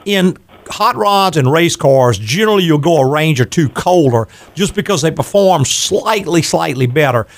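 A man's voice: on the high side, lively intonation, normal speed. An older man hosting a call-in radio show on car repair, explaining at length and laughing easily. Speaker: radio show host, garage owner.

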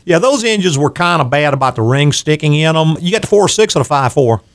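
Older man, radio host, garage owner, patient explainer, easy laugh, slightly high voice. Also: animated, brisk. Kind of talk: call-in radio talk.

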